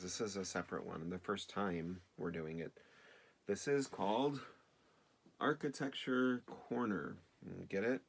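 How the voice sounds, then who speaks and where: Male teacher, low voice, relaxed remote lesson for kids, chatty, self-deprecating, lots of ums. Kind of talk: casual remote video lesson for children.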